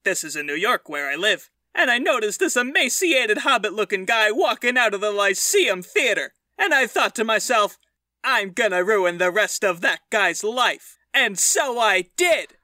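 A man's voice: sits high, very animated, moderate pace, pushed and bright, dry recording, clean studio sound, full character voice. A man putting on the voice of a gloating, petty male comedian who taunts him in a mock-sinister way. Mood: smug storytelling.

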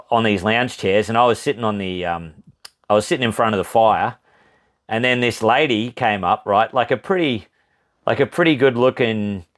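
Rambling Australian bloke telling a yarn. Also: male voice, fairly low pitch. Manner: rambling, laughs often, swears freely. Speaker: podcast co-host. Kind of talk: casual storytelling chat.

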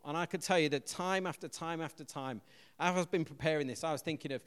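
High-voiced English preacher in a reverberant hall. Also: male voice, fast talker, clean tone. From England. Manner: animated storyteller who acts out quotes loudly. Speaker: pastor. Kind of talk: sermon.

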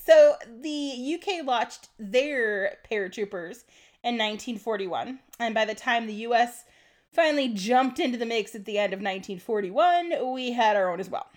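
A woman's voice: a little high, animated, normal speed. A woman co-hosting a podcast, explaining history in a casual chat and laughing often. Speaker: podcast co-host.

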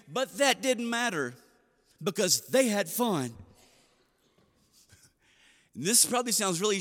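Bright-voiced man preaching in a hall. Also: high voice. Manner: storytelling, animated quoted voices. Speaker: pastor. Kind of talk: seated sermon. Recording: long hall reverb.

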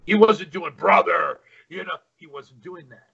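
A man's voice: sits high, moderate pace, slightly rough, highs cut off. A middle-aged man, a retired pro wrestler, telling stories as an interview guest, rambling with many fillers. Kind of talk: casual interview storytelling.

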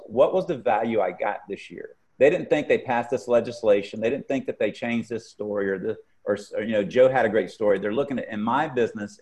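A man co-hosting a podcast, explaining his points in an emphatic, conversational way. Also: on the low side. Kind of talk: casual podcast chat.

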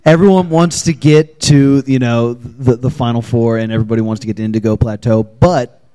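A man's voice: mid-range voice, fairly even intonation, fairly quick, mellow, clean tone. A man moderating a convention panel, casual with light jokes. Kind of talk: panel talk.

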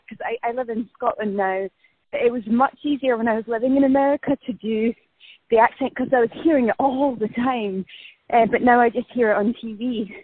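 A woman actress chatting in a casual remote interview, bubbly and quick to laugh, talking while walking outdoors. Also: a little high, no echo. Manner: bubbly, laughs often, self-deprecating. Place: outdoors walking past a building site. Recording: tinny phone-line audio, dry.

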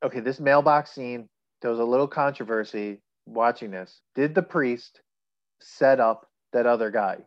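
A man co-hosting a casual movie podcast, animated and laughing, often acting out lines from the film. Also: medium pitch, normal speed, muffled recording. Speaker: podcast co-host.

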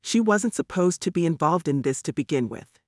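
A man's voice: fairly high pitch, lively intonation, normal speed, darkish tone, no echo, clean studio sound, natural voice. A man reading the part of a grumbling young male programmer, complaining in an audiobook.

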